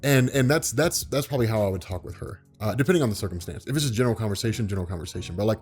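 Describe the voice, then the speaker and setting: A man vlogging in a relaxed, unhurried way, with a voice that carries and commands attention, spoken from the diaphragm. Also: on the low side, faint music behind. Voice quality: carrying, commanding voice. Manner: calm, laid-back, unhurried; speaks from the diaphragm. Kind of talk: relaxed talk to camera.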